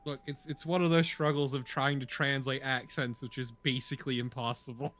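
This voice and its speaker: A man on a game stream, chatting casually with quick reactive quips. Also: mid-range voice, level tone, fairly bright tone, faint music behind.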